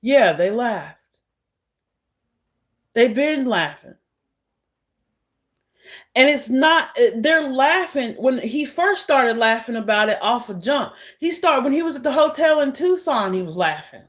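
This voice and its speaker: A woman's voice: high voice, sing-song, a little slow, long pauses, a bit bright. A woman vlogger speaking in a heated, blunt, sarcastic monologue. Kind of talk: casual monologue to camera.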